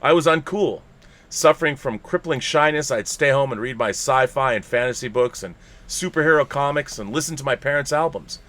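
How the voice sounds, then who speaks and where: A man's voice: mid-range voice, brisk, a bit bright. Man reading a listener letter on a podcast. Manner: playful, theatrical reading with bursts of laughter. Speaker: podcast host. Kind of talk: reading a listener letter aloud on a live show.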